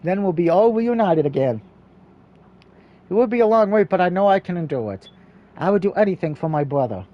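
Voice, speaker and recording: A man's voice: high-pitched, animated, fairly quick, long pauses, dull audio. A man reading a story game aloud, stumbling and correcting himself now and then. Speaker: let's play reader.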